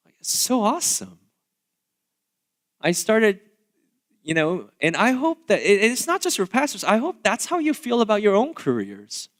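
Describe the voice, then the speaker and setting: A man's voice: high voice, normal speed, pauses often. A man in his thirties, a pastor giving a sermon in a church, talking casually with lots of fillers and asides. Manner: casual, conversational preaching with many fillers; animated, swinging between loud asides and quiet remarks. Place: church sanctuary.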